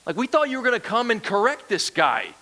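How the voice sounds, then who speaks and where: A man's voice: very high voice, sing-song, brisk, sharp tone, voice pushed up, full character voice. A man voicing a grumbling crowd of townsfolk, complaining in disbelief. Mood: indignant. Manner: complaining, incredulous.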